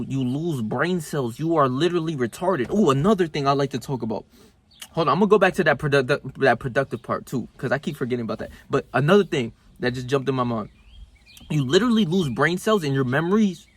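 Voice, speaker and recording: A young man talking casually into the camera, telling a story full of slang and swearing, and he gets animated when he acts out scenes. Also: a little high. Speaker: self-improvement vlogger.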